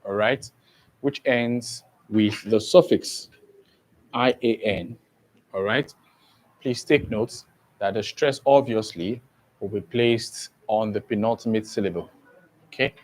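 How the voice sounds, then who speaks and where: A man's voice: lowish voice, takes it slowly, pauses often. A man giving an exam-prep lesson who keeps asking the class questions and repeating key points. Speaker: teacher.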